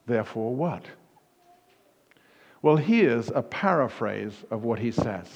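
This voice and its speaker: A man preaching a sermon as pastor, emphatic, with punchy repetition that rises to near-shouts on key words. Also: medium pitch, lively intonation, slow pace, long pauses, muffled recording. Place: church hall. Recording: long reverb of a church hall.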